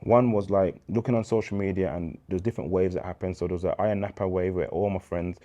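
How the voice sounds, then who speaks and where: A man in his thirties with a Birmingham accent, a guest telling lively, slang-filled stories in a casual interview. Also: deep voice, fast, muffled recording. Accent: Birmingham English. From England. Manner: animated storyteller, slang-heavy, acts out quoted dialogue.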